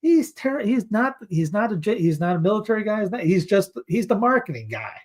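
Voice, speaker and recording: A man's voice: high-pitched, very animated, brisk, darkish tone. A middle-aged man from North Carolina, hosting a casual news commentary show, reading headlines aloud and mocking them, with rambling asides. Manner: sarcastic, reads headlines aloud and mocks them; rambling asides while searching for clips.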